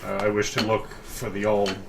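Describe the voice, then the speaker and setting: A man's voice: fairly low pitch, completely flat delivery, normal speed, vocal fry, very noisy. A man playing in a tabletop game, talking in a jokey, offhand way. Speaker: player. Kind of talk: casual in-game chat.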